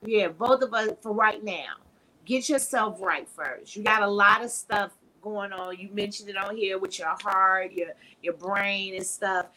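A woman hosting a casual live podcast, talking frankly and preachily, her voice swinging between loud and soft. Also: mid-range voice, fairly even intonation, unhurried, slight background noise, rough recording. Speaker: podcast host.

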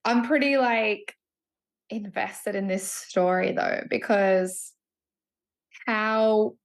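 A woman's voice: medium pitch, steady tone, drawn-out words. A woman co-hosting a podcast, asking curious follow-up questions in casual chat. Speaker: podcast co-host.

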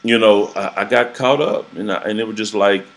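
A man who preaches, telling his own story in a halting, earnest way, repeating words as he searches for them. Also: on the low side, creaky. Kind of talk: personal testimony in a casual interview.

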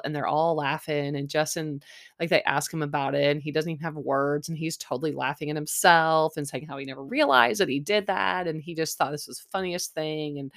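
A young woman recapping a reality dating show in a chatty, sarcastic way, often mimicking people. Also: sits low. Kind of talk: casual recap chat.

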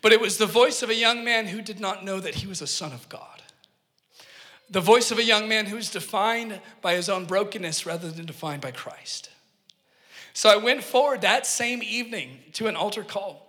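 A man preaching with a high, ringing voice, earnest and emphatic, and he often turns to the congregation with a joke. The sound carries a long reverb from a church hall. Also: moderate pace, sharp tone. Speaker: pastor. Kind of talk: sermon with personal storytelling.

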